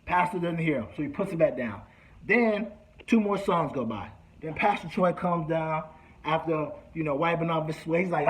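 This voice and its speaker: A man telling a personal story in an animated way, acting out the people he quotes. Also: a little high, moderate pace, a little hiss or hum. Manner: acts out quotes, shouting and whispering.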